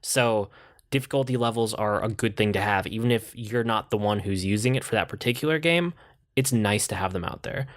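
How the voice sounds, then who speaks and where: A man's voice: on the low side, brisk, dry recording, studio quality. A man who is a parent, co-hosting a podcast in an easygoing, reflective casual chat. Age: adult parent. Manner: easygoing, reflective, many "like" and "you know" fillers. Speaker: podcast co-host.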